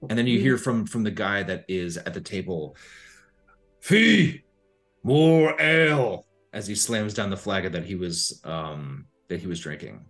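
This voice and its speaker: A man narrating as game master of a tabletop game, describing scenes in an unhurried way. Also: low voice, soft background music.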